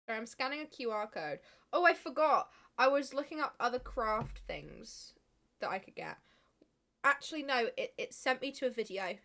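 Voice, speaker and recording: Bright, chatty woman streamer. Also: a little high, expressive, moderate pace. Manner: chatty, swears freely, laughs often. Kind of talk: casual live-stream chat.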